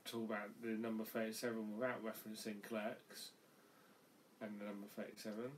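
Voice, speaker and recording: A man's voice: lowish voice, level tone, a little fast. A man co-hosting a casual, tipsy podcast chat, joking in short interjections. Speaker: podcast co-host. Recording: distant mic with faint room noise.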